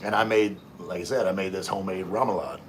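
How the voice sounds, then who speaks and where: Man, fairly low voice, livestream host, reads chat aloud, easygoing, repeats words, faint background noise. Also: fairly even intonation, fast talker. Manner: easygoing, repeats words and restarts while reading. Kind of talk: casual livestream chat, reading viewer comments aloud.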